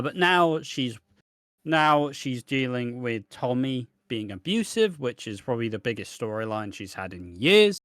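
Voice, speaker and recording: A man co-hosting a casual podcast, blunt and sweary in an animated way. His voice is bright and forceful. It is recorded close on a dry mic with no room sound. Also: mid-range voice, dry recording. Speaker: podcast co-host.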